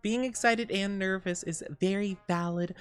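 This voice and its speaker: A woman's voice: mid-range voice, normal speed, clear, resonant tone, faint music behind. A woman streaming live, chatting casually and reading chat, giggly and rambling, her voice slightly scratchy today. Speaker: VTuber streamer.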